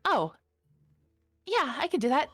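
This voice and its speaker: Woman doing a jittery high-voiced tavern waitress. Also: sing-song, no echo, studio quality, faint music behind. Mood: nervous politeness. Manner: hesitant, polite, halting with "um". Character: nervous young female tavern waitress.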